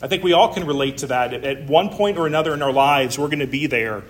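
A man's voice: a little high, fast. A man preaching a sermon in a conversational way, with frequent fillers and an occasional light laugh. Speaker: pastor.

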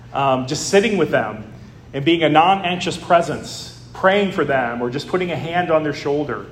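A pastor delivering a sermon in a slightly high male voice. He talks to the congregation in a loose, conversational way and often pauses on "uh". A faint hum of room noise sits behind him. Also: a bit bright, echoey room. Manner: conversational preaching with frequent "uh" fillers.

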